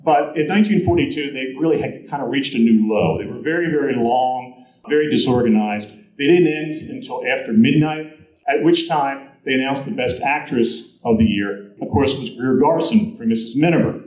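Man, presenter, anecdotal storyteller, mid pitch, echoey hall. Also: normal speed. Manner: animated storyteller, acts out quotes. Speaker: guest speaker. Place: convention hall. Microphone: handheld recorder in audience. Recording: roomy hall audience recording.

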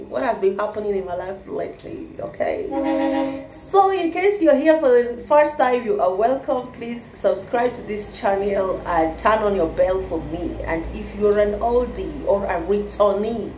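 A woman's voice: mid-range voice, animated, unhurried, a little mellow. A woman from Kenya, vlogging in casual chat, playful and laughing often, mixing in Nigerian Pidgin phrases. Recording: roomy echo with faint background hiss.

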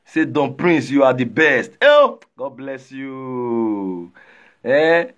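A man with a Nigerian accent, chatting live and reading viewer comments aloud, animated, often shouting and repeating himself. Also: mid-range voice, takes it slowly, muffled recording. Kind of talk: casual live-stream chat.

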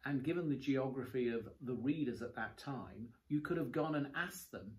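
A man speaking as a bishop, calm and measured as he reflects on scripture with a colleague. His voice has an ordinary middle pitch and a steady, unhurried conversational manner. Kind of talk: conversational bible discussion.

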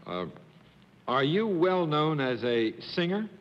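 A man on a TV game show panel, asking questions in a halting, hesitant way. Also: on the high side, sing-song. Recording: dull 1950s TV studio sound with hall echo.

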